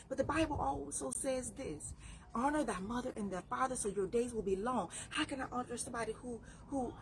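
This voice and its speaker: Woman coach, preachy faith talk, higher voice, hissy noisy recording. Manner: preachy, repeats phrases for emphasis. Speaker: life coach. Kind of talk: faith-based motivational talk.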